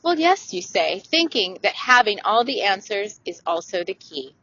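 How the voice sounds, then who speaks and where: A woman's voice: mid-range voice, very animated, normal speed, a bit bright, dry recording. Female spiritual host, earnest and gushing, dry, dull lo-fi sound. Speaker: spiritual podcast host, channeler. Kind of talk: solo spiritual monologue.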